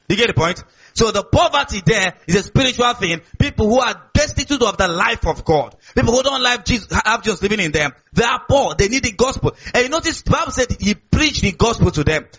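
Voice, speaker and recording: A pastor with a high, husky voice delivers a sermon, repeating key words and asking his listeners if they follow. The recording is dull and lo-fi. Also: fairly bright tone. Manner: call-and-response preaching, repeats key words.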